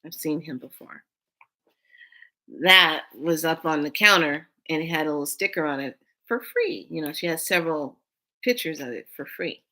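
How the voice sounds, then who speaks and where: A woman hosting her own spiritual channel, telling a personal story in a casual, animated way, jumping from loud bursts to hushed asides. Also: low voice, moderate pace.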